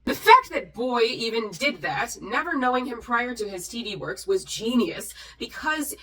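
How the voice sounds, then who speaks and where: A woman's voice: on the high side, animated, normal speed, pushed and bright, distant mic, a little hiss or hum. A tipsy woman on a vlog, reading comments aloud with sarcastic, mocking asides. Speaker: YouTuber reacting to comments.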